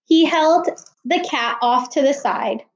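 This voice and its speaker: A woman reading a children's novel aloud with expressive storytelling over a video call. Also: high-pitched, slow pace. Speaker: reader leading a read-aloud. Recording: roomy echo.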